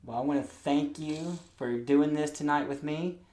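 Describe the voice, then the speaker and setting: A man's voice: a little high, moderate pace, darkish tone, echoey room. A man hosting an interview, affirming his guest and closing with motivational remarks. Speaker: interview host. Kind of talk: supportive interviewer.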